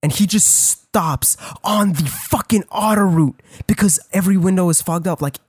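A man's voice: high voice, normal speed, slightly rough, no room sound, clean studio sound. A man co-hosting a podcast, telling a story in casual chat, swearing constantly and acting out what people said. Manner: heavy swearing, excited retelling, acts out quotes. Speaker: podcast co-host.

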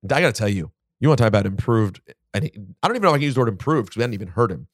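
A man's voice: lowish voice, lively intonation, no echo, clean studio sound. A man hosting a casual podcast chat, arguing his points emphatically and pushing back hard. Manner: emphatic, argumentative, quick to push back. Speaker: podcast host.

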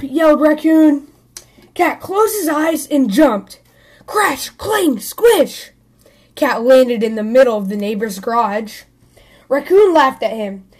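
A woman hosting a children's story podcast, reading a picture book aloud in a lively, expressive way. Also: high voice.

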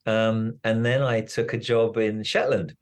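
An older man, a doctor, chatting as an interview guest, telling stories in a plain-spoken way with halting restarts. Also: fairly low pitch, steady tone. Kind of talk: casual interview chat.

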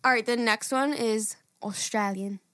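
Excitable woman cohost, higher voice, laughs and swears a lot, bright. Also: unhurried, no echo. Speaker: podcast co-host. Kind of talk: casual chat.

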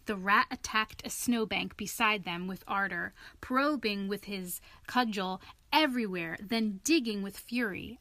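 A woman reading a storybook aloud in a steady, even narrating manner. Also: mid-range voice, no echo.

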